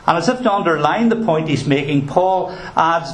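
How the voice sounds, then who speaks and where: A man's voice: fairly high pitch, normal speed, few pauses. Earnest preacher man, echoey room. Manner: earnest, emphatic, with dry humor. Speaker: pastor. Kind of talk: sermon. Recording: roomy echo.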